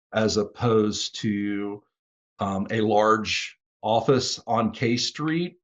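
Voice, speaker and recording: A man's voice: fairly low pitch, dull audio. A man in a casual podcast discussion, talking in a rambling way with many restarts and fillers over a remote call. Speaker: consultant, former USAID officer.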